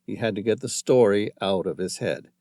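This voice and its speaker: A man narrating an action thriller audiobook in a dramatic, measured storytelling manner, close to the mic. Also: lowish voice, mellow, no room sound. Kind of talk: scripted narration.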